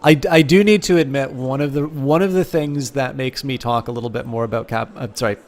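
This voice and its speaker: A man chatting casually on a live stream at an ordinary mid pitch. He rambles, corrects himself often, and speeds up when he gets excited. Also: a little fast.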